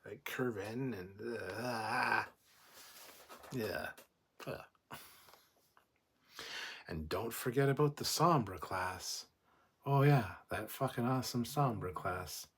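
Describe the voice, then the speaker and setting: A man's voice: mid-range voice, lively intonation, measured pace, husky. A man hosting a casual livestream, reading chat comments aloud and giving blunt, opinionated replies with plenty of swearing.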